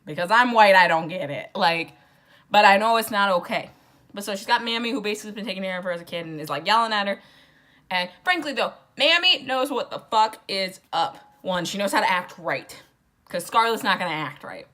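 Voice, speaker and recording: A woman's voice: mid-range voice, animated, a little fast, sharp tone. A drunk young woman rambling through a casual, profane book summary with sarcastic asides. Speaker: book vlogger.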